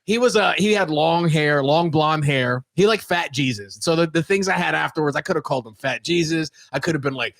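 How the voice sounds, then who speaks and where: A young man co-hosting a podcast, telling a story in casual chat with lots of swearing and animated retelling. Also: on the high side, brisk, gravelly, few pauses, dry recording. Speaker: podcast co-host.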